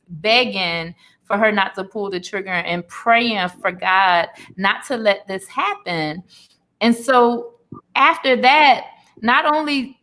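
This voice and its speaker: A woman's voice: medium pitch, sharp tone. A woman in her forties, an interview guest and author, giving an earnest, emotional personal testimony laced with faith.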